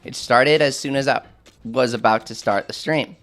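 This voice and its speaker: A man's voice: mid-range voice, normal speed, vocal fry, fairly bright tone, faint music behind. A man streaming a game live, chatting casually with his viewers and answering their questions while he has the hiccups. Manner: chatty, self-deprecating, answers chat questions.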